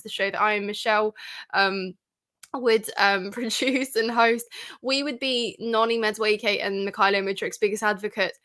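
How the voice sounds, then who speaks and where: A woman's voice: a little high, pushed and bright. A young woman hosting a casual livestream, chatty and emphatic with many fillers. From North London. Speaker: livestream host.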